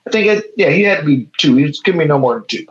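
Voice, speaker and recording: A man from Chicago's South Side in his thirties, speaking as a guest on a casual interview. He tells a story with energy, acting out the quotes as he goes. The recording is a bit dull and lo-fi. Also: a little high. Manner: animated, fast storytelling with quoted dialogue. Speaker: guest, photo editor.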